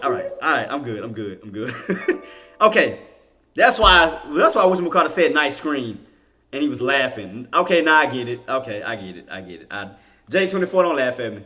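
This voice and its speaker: A man's voice: mid-range voice, sing-song, normal speed, sharp tone. A man streaming casual live commentary on stock charts. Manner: laughing, apologetic, casual. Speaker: trading streamer.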